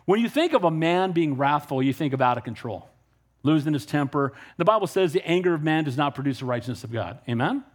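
A man's voice: a little high, animated, quick pace. A male pastor preaching a sermon, emphatic and conversational, asking the congregation "Amen?" and acting out exchanges with unbelievers. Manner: emphatic preaching with rhetorical questions and calls of "Amen?"; conversational, acts out dialogue with people he has spoken to.

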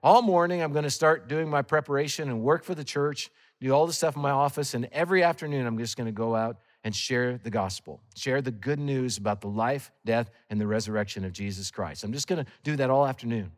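A man with a Canadian accent preaching a sermon as guest speaker, telling a story with lively swings between loud and hushed. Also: mid-range voice, brisk, hardly any pauses, in a large hall.

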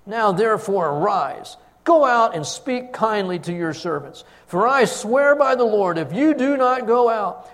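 A man plays a blunt, stern military commander who scolds with force. The voice sits fairly high and rings out in a long hall reverb.

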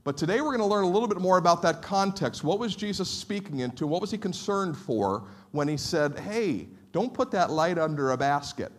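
A man delivers a sermon in a somewhat raised voice. He is a lively, humorous preacher who pokes fun at himself while telling stories to the congregation. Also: fairly high pitch. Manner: humorous, self-deprecating and lively. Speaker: pastor. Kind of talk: sermon with storytelling.

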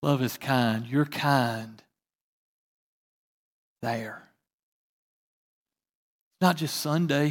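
A man preaching a sermon as pastor, moving between quiet reading and loud, fervent preaching. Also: fairly high pitch, lively intonation, takes it slowly, pauses often, long reverb tail. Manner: swings from soft to loud preaching.

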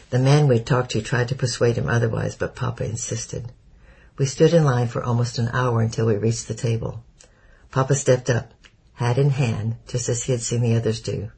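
A man narrates a historical novel in a measured storytelling manner. His voice is gravelly and husky. The tone is dark and mellow. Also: mid-range voice, poor audio. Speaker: audiobook narrator. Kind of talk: scripted narration.

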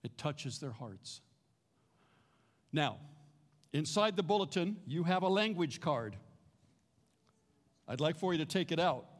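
A man's voice: a little high, measured pace, long pauses. A man preaching a sermon, telling stories with animation and leading the congregation to repeat greetings after him. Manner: animated storytelling, leads the congregation in repeating phrases. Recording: reverberant hall.

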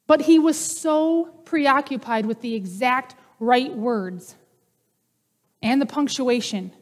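A woman pastor delivers a sermon slowly, in a relaxed, conversational manner, working humor into her teaching. Her voice is somewhat high, and a long hall reverb trails after it.

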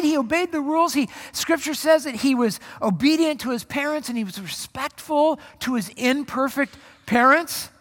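A man's voice: very high-pitched, normal speed, hardly any pauses, a bit bright, long reverb tail. A man preaching a sermon in a conversational way, often acting out quoted voices. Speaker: pastor.

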